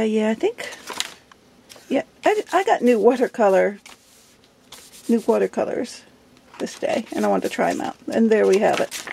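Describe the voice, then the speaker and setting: A woman's voice: on the high side, vocal fry, mellow, slight background noise. A middle-aged woman chatting casually while flipping through her journal, giggly and self-deprecating. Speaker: journal vlogger. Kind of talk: casual show-and-tell chat.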